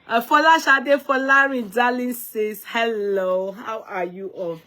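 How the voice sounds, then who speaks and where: A woman's voice: on the high side, steady tone, a little slow, bright, forceful tone. Emphatic Nigerian woman live-streaming. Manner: emphatic, scolding, repeats and restarts words; greets viewers by name. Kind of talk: unscripted live-stream commentary.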